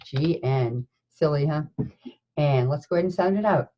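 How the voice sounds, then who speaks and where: A woman teacher leading a slow, encouraging phonics lesson, sounding out words letter by letter. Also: deep voice, mellow, dull audio. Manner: encouraging, with praise and questions. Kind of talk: recorded classroom phonics lesson.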